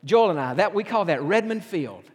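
A middle-aged pastor from Tennessee preaching a sermon, telling folksy stories with self-deprecating humor. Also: male voice, sits high, animated, a little fast, slightly rough. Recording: long hall reverb.

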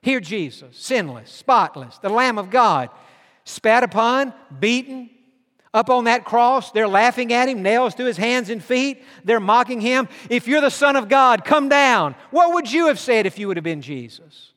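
A man preaching a sermon, swinging from loud declarations to hushed tones. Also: very high-pitched, animated, measured pace. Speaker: pastor. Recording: long hall reverb.

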